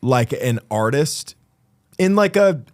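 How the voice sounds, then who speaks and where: A man in mid-range pitch co-hosting a comedy podcast with his friends. He talks in a laid-back, rambling way, stopping and restarting his thoughts and filling the gaps with "like" and "um". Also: animated, takes it slowly. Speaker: podcast co-host. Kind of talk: casual chat.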